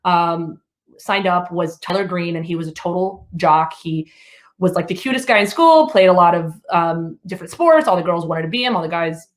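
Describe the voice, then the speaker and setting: A woman in her thirties from Alabama doing stand-up, telling stories in an animated, chatty way with laughs between lines. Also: lowish voice, normal speed. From Alabama, USA. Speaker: comedian. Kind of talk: stand-up comedy.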